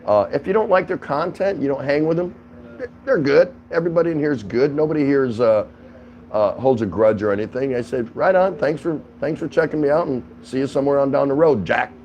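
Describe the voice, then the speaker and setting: A man's voice: fairly high pitch, animated, fairly quick, highs cut off, a little hiss or hum. A man hosting a casual livestream from his home, chatting with viewers, greeting them by name and laughing often. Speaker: livestream host.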